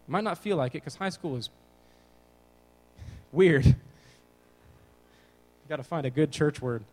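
A man's voice: high voice, poor audio. A young man giving a casual, jokey sermon to teenagers as a youth pastor, talking with energy. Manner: energetic, jokey, bouncing around.

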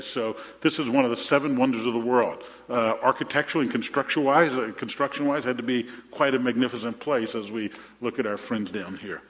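A middle-aged man preaching a sermon as a pastor, conversational, often repeating his phrases and telling jokes. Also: medium pitch. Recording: reverberant hall.

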